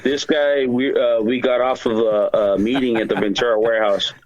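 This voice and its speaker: A man sits in as a podcast guest and tells loose, rambling stories packed with slang, swearing and fillers. His voice sits at an ordinary pitch. The sound is dry and a little dull, like a lo-fi mic. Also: steady tone, normal speed, no echo. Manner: profane slang-heavy storytelling, many fillers. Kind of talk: casual chat.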